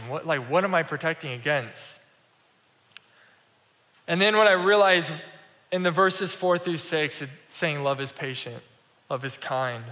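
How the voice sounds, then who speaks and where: A man's voice: fairly high pitch, pushed and bright. A man giving a sermon, telling a personal story in a conversational way and acting out the dialogue. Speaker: pastor. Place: church sanctuary. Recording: reverberant church hall.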